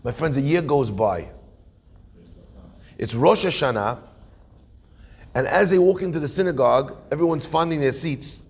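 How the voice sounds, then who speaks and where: A rabbi telling a story in a sermon, animated, acting out characters with punchy asides. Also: male voice, a little high, normal speed, creaky, long pauses, slightly rough.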